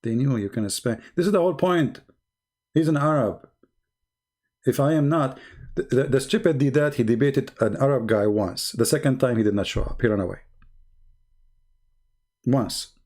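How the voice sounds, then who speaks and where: Gravelly sarcastic man with an Arabic accent. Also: medium pitch, normal speed, a little mellow. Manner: sarcastic, mocking, broken English. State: losing his voice, coughing. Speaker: host answering viewer questions. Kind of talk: casual livestream chat.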